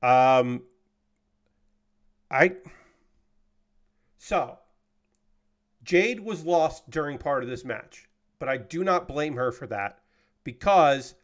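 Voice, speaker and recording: A man's voice: mid-range voice, expressive, takes it slowly, long pauses. A young man streaming as he builds a model kit, chatting casually and rambling with frequent fillers and casual swearing. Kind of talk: casual chat.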